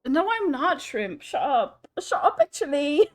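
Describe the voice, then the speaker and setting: A woman's voice: high voice, sing-song, a little slow, faint music behind. A young woman streaming a story game, reacting with giddy, laughing, flustered commentary. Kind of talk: excited live reaction commentary. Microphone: headset with earbuds.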